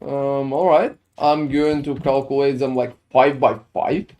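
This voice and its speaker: A man's voice: mid-range voice, fairly even intonation, a little slow, a little mellow. A man with a French accent, streaming a game and chatting casually with his viewers, rambling with lots of fillers. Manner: chatty, answers chat with filler-heavy rambling. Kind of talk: casual live-stream chat while gaming.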